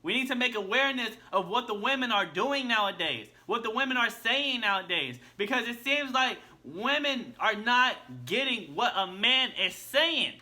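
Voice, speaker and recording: A man's voice: very high voice, lively intonation, moderate pace, hardly any pauses, sharp tone. A man hosting a reaction video, giving blunt casual commentary and peppering it with slang. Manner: blunt, repeats himself, slangy with "bro".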